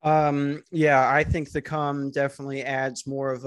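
A man hosting a comedy podcast, rambling in crude casual banter with halting restarts and a deadpan delivery. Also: medium pitch. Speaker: podcast host and stand-up comic.

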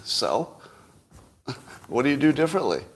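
A man's voice: medium pitch, sing-song, a little slow, husky. A man talks alone on his own podcast, riffing on current affairs. He is wry and skeptical, lining up rhetorical questions and letting out dry little chuckles between points. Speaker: podcast host. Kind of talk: solo political commentary.

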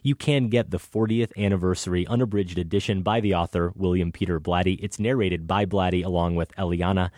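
A man's voice: low voice, steady tone, a little fast, hardly any pauses, darkish tone, no room sound, studio quality. A man co-hosting a film podcast, talking in a wry, conversational way and reading ads. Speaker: podcast co-host. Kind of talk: casual film talk and ad reads.

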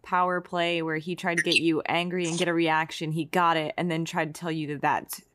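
A woman with a fairly low voice hosts a casual interview. She reacts with short agreements and asks loose questions padded with fillers. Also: little pitch movement, brisk, fairly bright tone, no echo.

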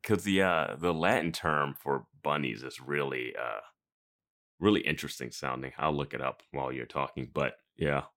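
A man co-hosting a podcast, chiming in with low-key, dry comments in casual chat. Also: normal speed, fairly bright tone. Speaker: podcast co-host.

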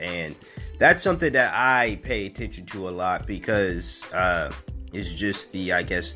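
A man's voice: lowish voice, fairly bright tone. A young man hosting a podcast alone, giving casual, opinionated commentary that rambles with fillers and restarts. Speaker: podcast host.

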